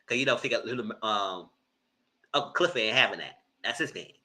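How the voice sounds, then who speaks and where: A man giving live commentary on a reality TV show, animated and cussing, mocking the people in it. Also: lowish voice, a little fast, poor audio. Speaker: reality TV reviewer.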